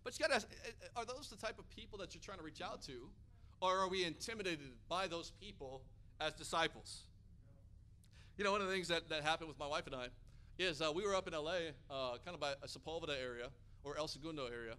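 High, forceful preaching man. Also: quick pace. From Hawaii. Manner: energetic, animated storyteller. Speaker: pastor. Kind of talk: sermon with personal storytelling.

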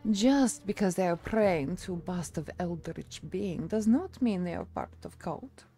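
A woman's voice: fairly low pitch, animated, a little slow, warm tone, husky, faint music behind, exaggerated voice. A woman streamer putting on a thick fake Russian accent, dropping articles in her game chatter. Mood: mock-serious. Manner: broken grammar, dropped articles.

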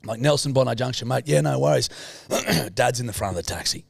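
A man's voice: medium pitch, quick pace, creaky, slightly rough, dry recording, studio quality. A young Australian man co-hosting a podcast, telling a rambling anecdote in casual chat and swearing a lot. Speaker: podcast co-host.

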